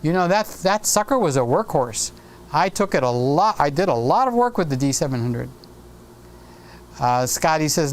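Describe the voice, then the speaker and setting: A man's voice: on the high side, sing-song, unhurried, long pauses, clear, resonant tone. A man hosting a casual live stream, reading viewer comments aloud and joking along in a chatty way.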